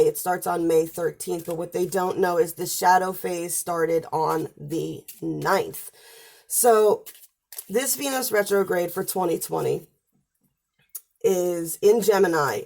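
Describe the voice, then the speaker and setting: Low gravelly woman losing her voice. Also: a little mellow. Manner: chatty, talks straight to viewers. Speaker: astrology and tarot reader. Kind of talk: casual spoken forecast.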